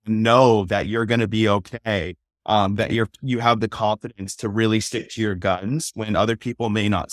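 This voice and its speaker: A man's voice: lowish voice, no room sound, studio quality. A man hosting a podcast interview, talking in an earnest, casual way and often checking in with "right?". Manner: earnest, tags points with "right?". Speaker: podcast host.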